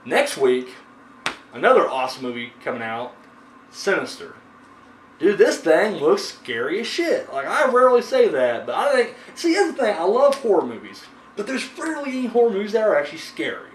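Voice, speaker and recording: Rambling through casual chat on his horror movie review show, a man swears freely and leans on frequent fillers. His fairly high voice moves briskly with huge pitch swings, caught at a distance in an echoey room under faint noise.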